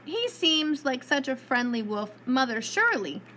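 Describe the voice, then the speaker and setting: A woman's voice: sits high, big pitch swings, normal speed, pushed and bright, exaggerated voice. A woman doing a sweet, trusting little girl. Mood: innocent. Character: trusting, polite little girl in a red hood.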